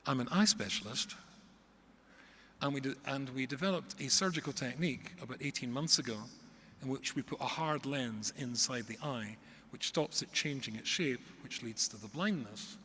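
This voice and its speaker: A man's voice: medium pitch, normal speed, a little hiss or hum. A middle-aged man, a rabbi, telling stories to a live audience with comic exaggeration. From Scotland. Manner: animated storyteller with comic exaggeration. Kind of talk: storytelling talk to a live audience. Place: large hall. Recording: echoey hall with faint ambience.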